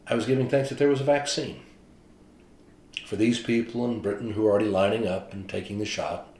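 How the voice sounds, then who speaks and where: A man's voice: on the low side, a little fast, echoey room. A man, a pastor, telling stories in a casual, chatty devotional talk. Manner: chatty storytelling, animated retelling.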